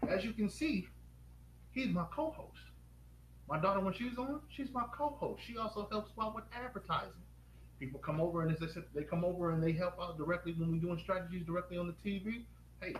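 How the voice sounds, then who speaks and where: A man hosting a live stream pitch, upbeat and quizzing viewers with rapid questions. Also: animated. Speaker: host. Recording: echoey room with faint noise.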